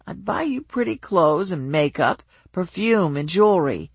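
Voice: mid-range voice, very animated, creaky, slightly rough, no echo, highs cut off, heavily acted. A narrator doing a slurring, domineering drunk husband. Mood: angry scolding. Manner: slow and demanding.

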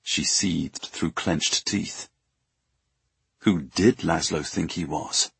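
Male fantasy audiobook narrator, very deep and husky, dry close recording. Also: slow, dry recording.

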